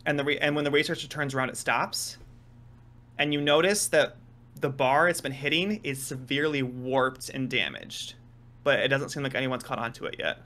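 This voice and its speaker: A man's voice: medium pitch, normal speed, sharp tone. A man narrating a tabletop role-playing game as game master, briefly slipping into the voices of the people in the scene.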